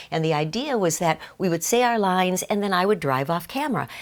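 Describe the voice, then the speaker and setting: A woman, a former TV co-host, telling an earnest anecdote as part of a scripted tribute. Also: fairly low pitch.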